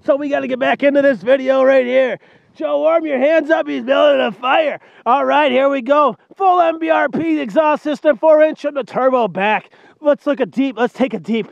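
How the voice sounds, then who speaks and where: A truck dealer pitches his trucks with joking, hyped sales talk, recorded outdoors in the cold on a handheld camera mic. His very high-pitched voice has vocal fry, and the highs in the audio are cut off.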